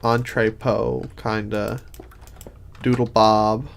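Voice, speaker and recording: Slow, gravelly man streaming a game. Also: lowish voice, little pitch movement, a little hiss or hum. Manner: rambling, thinking aloud with many restarts. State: sleepy, yawning. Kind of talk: casual gameplay stream commentary.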